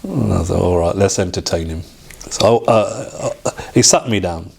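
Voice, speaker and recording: A man's voice: deep voice, gravelly, darkish tone, slightly rough. Man telling his story. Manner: halting, with restarts and acted-out quoted dialogue. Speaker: interview guest. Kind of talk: personal storytelling.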